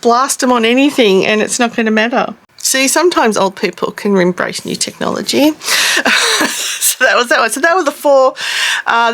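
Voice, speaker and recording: A middle-aged woman hosting a casual craft vlog, talking quickly in a chatty, rambling way with frequent small laughs. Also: high voice, a bit bright. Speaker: craft channel host. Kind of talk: casual show-and-tell vlog.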